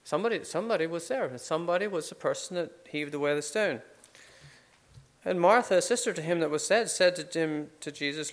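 A man's voice: on the high side, a little fast. A man giving an informal Bible study, talking things over conversationally with fillers and restarts. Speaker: Bible teacher.

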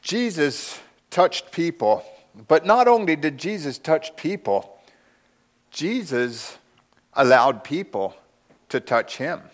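Slow, dramatic male preacher. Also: fairly high pitch, big pitch swings. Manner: slow, dramatic storytelling with hushed drops and rising emphasis. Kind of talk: sermon.

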